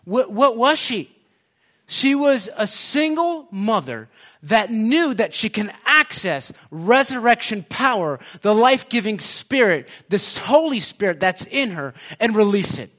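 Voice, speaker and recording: A man preaching a sermon, telling a story with many fillers and restarts, then rising into loud, impassioned preaching. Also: high voice, very animated, measured pace.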